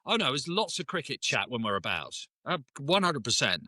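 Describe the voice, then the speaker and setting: A man's voice: medium pitch, a little fast, no echo. A man in his fifties, a sports presenter and podcast guest, telling stories in casual chat and acting out the voices of people he quotes. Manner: animated storyteller, acts out quoted exchanges.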